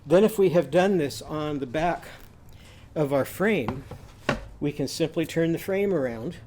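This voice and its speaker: A man with a fairly high voice walks through a classroom reading exercise. He talks in a bright, sing-song teaching manner, sounding out letters and leading little cheers. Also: measured pace, background noise. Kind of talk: classroom demonstration lesson.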